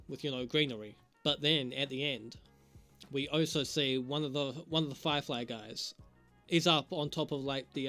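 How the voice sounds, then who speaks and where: A young man talks through a show in a casual review vlog, cursing freely and rambling. His tone is sarcastic and he laughs at his own jokes. His voice sits a touch high, with faint music behind him. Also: bright, forceful tone, smooth.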